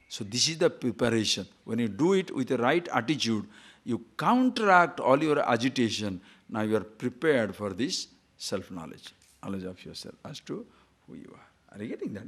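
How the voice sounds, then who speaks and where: A man giving a spiritual discourse, telling jokes with animated, emphatic questions and reciting Sanskrit verses. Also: mid-range voice. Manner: animated storytelling, laughs at own jokes, rising emphatic questions. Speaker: spiritual teacher.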